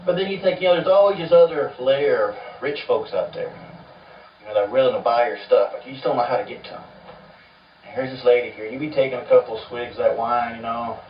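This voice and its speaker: A man telling a long, meandering story in a loose, colloquial way, full of "you know" fillers. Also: mid-range voice. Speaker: folk artist. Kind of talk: rambling storytelling monologue. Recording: dull lo-fi audio, roomy and distant from the mic.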